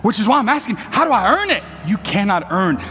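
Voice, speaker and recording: A man preaching a sermon, building to shouted peaks and throwing in playful asides to the congregation. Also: high-pitched, big pitch swings, brisk, big-room sound, a little hiss or hum.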